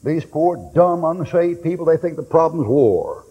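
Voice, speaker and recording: A man preaching a fiery sermon in a folksy, blunt and joking way, with sudden shouts. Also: fairly high pitch, normal speed, husky. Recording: dull old recording with long hall echo and faint hiss.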